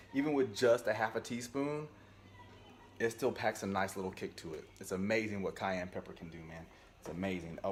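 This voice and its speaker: A man's voice: medium pitch, a little hiss or hum. A young man chatting playfully while he cooks a stew in his home kitchen, humming little sound effects as he goes. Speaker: home cook vlogger. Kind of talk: casual cooking vlog.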